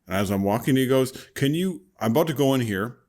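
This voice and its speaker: A man telling a story in relaxed, low-key podcast banter as a co-host. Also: fast talker. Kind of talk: casual storytelling chat.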